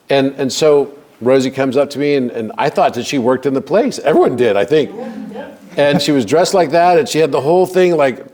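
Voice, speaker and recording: A man's voice: medium pitch, normal speed, darkish tone. A man casually telling stories and explaining ideas to a group, rambling with restarts.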